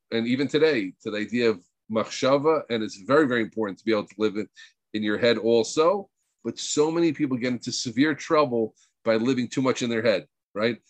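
A man's voice: medium pitch, no echo. A man teaching a weekly group session in an earnest, emphatic way, rambling with restarts and using Hebrew terms. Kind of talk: informal spiritual talk.

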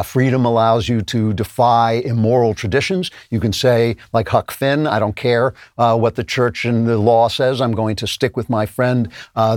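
Male host, mid-pitched, chatty monologue with fillers, dry studio sound. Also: no echo. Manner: conversational, frequent "uh" fillers. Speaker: podcast host. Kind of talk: solo commentary monologue.

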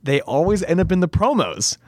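An actor chatting as an interview guest, rambling and animated, often acting out quotes. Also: male voice, high voice, a little fast, no echo. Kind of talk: casual interview chat.

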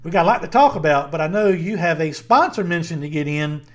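Quick and expressive, a fairly high-pitched middle-aged man with a Southern Virginia accent co-hosts a casual podcast chat. He rambles in a friendly manner, using many fillers.

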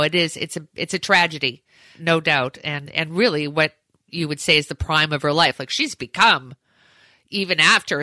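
Woman host on a podcast, lowish voice, chatty rambly questions, dry close mic. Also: sharp tone, dry recording. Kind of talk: casual interview chat.

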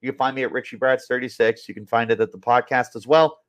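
A man's voice: mid-range voice, steady tone, quick pace. A man hosting a sports podcast, delivering a heated, annoyed opinion rant full of repetition.

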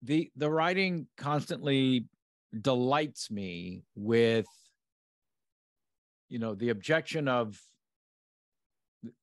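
A man hosting a podcast, talking through an episode in a measured, analytical way, often restarting his sentences. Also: mid-range voice, no echo, clean studio sound. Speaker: podcast host. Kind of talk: episode discussion.

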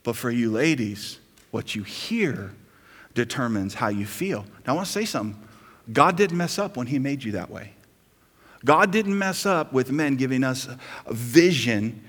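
A man's voice: mid-range voice, lively intonation, a little slow, fairly bright tone, long reverb tail. A man preaching a sermon as pastor, building to emphatic, rising intensity.

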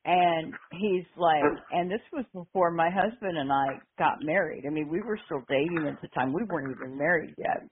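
An older woman caller from Arkansas, telling animated stories on a phone-in show, laughing often and acting out the people she quotes. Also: low-pitched, normal speed, hardly any pauses, husky. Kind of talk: casual phone-in storytelling. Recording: tinny phone line.

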